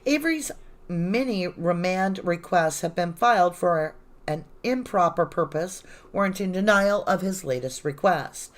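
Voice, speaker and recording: A woman with a somewhat low voice reads court filings aloud on a live true-crime stream. She keeps stopping to add sarcastic, indignant comments of her own, and she records on her phone. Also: animated, unhurried. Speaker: true-crime channel host.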